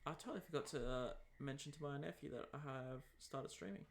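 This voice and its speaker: A man's voice: on the high side, brisk, creaky. A young Australian man chatting casually on a live stream as he makes a map, muttering to himself and poking fun at himself.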